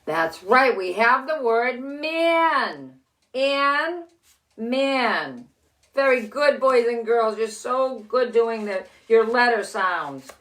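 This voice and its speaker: An older woman with six grandchildren, teaching letter sounds to children in a slow, cheerful, encouraging way from her living room. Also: fairly high pitch, lively intonation, fairly bright tone. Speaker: children's story host. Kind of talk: phonics lesson and read-aloud for children.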